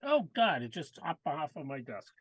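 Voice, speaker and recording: A man playing a tabletop game with a dry, deadpan manner. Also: on the high side, normal speed, slightly rough. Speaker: player. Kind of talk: tabletop role-play.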